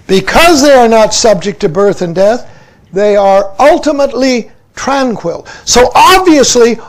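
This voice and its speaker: A Zen teacher in his seventies speaks slowly in a very high, gravelly voice. His pitch moves a lot as he asks his listeners questions, and he drops "see" into nearly every sentence. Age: 70s. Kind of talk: dharma talk.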